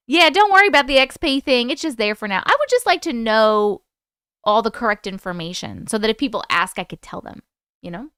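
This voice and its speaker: A woman's voice: a little high, lively intonation, fairly bright tone, smooth, dry recording. A young woman hosting a livestream, chatting casually and giggling as she reads out viewer comments. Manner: chatty, giggly, quickly distracted. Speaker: livestream host.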